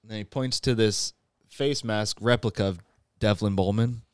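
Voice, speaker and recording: A man's voice: fairly low pitch, steady tone, normal speed, smooth, no room sound, studio quality. A man hosting a podcast, retelling a movie plot in casual chat, laughing often and acting out the characters' lines. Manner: laughs often while recounting, acts out quoted lines. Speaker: podcast host.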